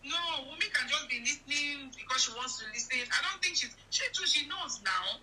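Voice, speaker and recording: A high-voiced woman with a Nigerian accent, ranting indignantly in casual commentary. She fires off rhetorical questions and says things over and over. A loud crowd is heard behind her. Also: animated, brisk.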